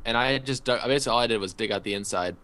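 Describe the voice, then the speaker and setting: A man's voice: mid-range voice, very fast, pushed and bright, smooth. A young man hosting a casual behind-the-scenes chat, rambling and friendly as he thanks his viewers. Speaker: series host.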